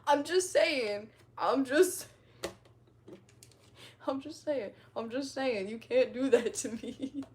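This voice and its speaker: A woman's voice: high-pitched, slow, long pauses, a little mellow, a little hiss or hum. A woman livestreaming who reads viewers' comments aloud, laughing often, swearing freely and rambling to excuse herself. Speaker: livestreamer reading chat comments. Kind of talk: casual livestream chat.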